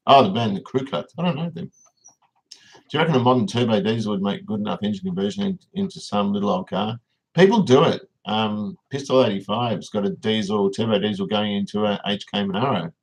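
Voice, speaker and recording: Gravelly low Australian bloke rambling on stream. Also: male voice, fairly quick, poor audio. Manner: rambling, reads chat comments aloud and answers them. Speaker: livestream host. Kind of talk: casual livestream chat.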